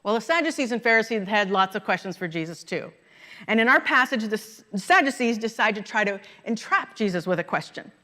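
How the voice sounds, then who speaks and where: A woman's voice: medium pitch, animated, fairly quick, sharp tone. A middle-aged woman minister giving a conversational sermon in a church, chuckling now and then at her own stories. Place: church sanctuary.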